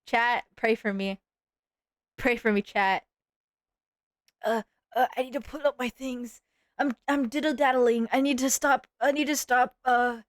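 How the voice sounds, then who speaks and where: A woman streamer with a fairly high voice chats casually on a live stream. She rambles, jokes and pokes fun at herself, and the sound is close and dry with no room echo. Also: fairly even intonation, unhurried, pauses often. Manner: goofy, rambling, self-mocking.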